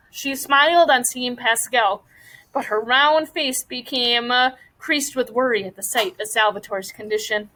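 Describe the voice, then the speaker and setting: A woman teacher reads a novel aloud to her class, pausing to ask the students questions about the story. Her voice is a little high with a sharp tone, and the recording is rough.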